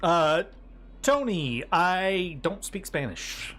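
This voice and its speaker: A man's voice: high voice, sing-song, very slow, fairly bright tone, faint music behind. A man from the United States with a drawl, chatting casually with viewers on a live stream, rambling and laughing as he goes. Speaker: livestreamer.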